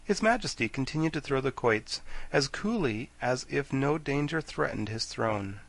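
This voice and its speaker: A man narrating a children's classic for an audiobook in an expressive storytelling manner. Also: medium pitch, moderate pace, creaky. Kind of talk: scripted narration.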